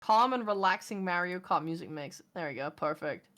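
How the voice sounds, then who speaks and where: A woman's voice: lowish voice, animated, moderate pace, fairly bright tone. A woman streaming from home, chatting casually, ranting and swearing as she talks to her chat.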